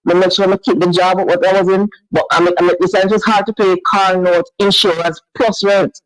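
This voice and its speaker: Woman, caller, halting, repeats phrases, earnest, dry sound. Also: lowish voice, little pitch movement, no echo, poor audio. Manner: emotional, earnest. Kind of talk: phone-in chat.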